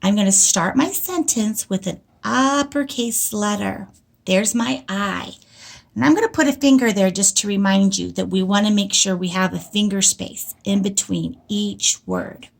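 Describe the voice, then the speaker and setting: A woman teacher gives an early-grade writing lesson in a medium-pitched, creaky voice. She talks slowly and sing-song, stretching out words for young children.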